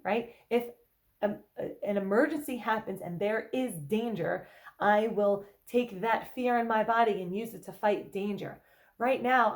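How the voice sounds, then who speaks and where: A woman's voice: a little high, darkish tone. Woman therapist in casual conversational talk. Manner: conversational, checks in with "okay?" and "right?"; acts out anxious inner thoughts in quotes. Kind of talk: casual explanatory talk to viewers.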